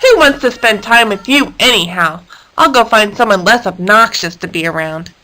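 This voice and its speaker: A woman voicing a big, lumbering female hippo who feels lonely and speaks slowly and mournfully. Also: mid-range voice, lively intonation, sharp tone, poor audio. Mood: huffy. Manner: slow, drawn-out and mournful.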